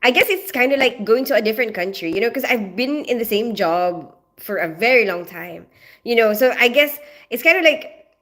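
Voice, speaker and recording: A woman's voice: on the high side, lively intonation, moderate pace, a bit bright. A woman from the Philippines, a nurse chatting casually on a livestream, rambling with lots of "you know" and "like". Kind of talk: casual livestream chat, greeting viewers.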